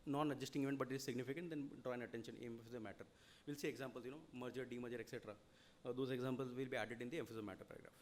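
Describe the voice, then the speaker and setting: This audit-reporting lecturer, a man with an Indian English accent, speaks very quickly in a steady, middle-pitched voice, with a faint hiss or hum present. His seminar explanations flow on with frequent "you know" and "okay?" check-ins.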